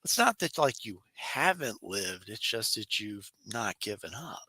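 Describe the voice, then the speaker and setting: A man's voice: lowish voice, a little slow, husky, no echo. A man co-hosting a casual podcast chat, telling stories with frequent laughter and acted-out quotes. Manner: animated storyteller, laughs often, acts out quotes. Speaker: podcast co-host.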